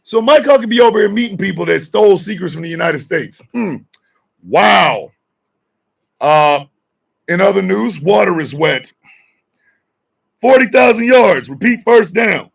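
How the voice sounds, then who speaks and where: A man hosting a radio show, shouting and mocking in loud comedic commentary. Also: high voice, measured pace, gravelly, pauses often, husky. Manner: shouting, mocking, excitable riffing.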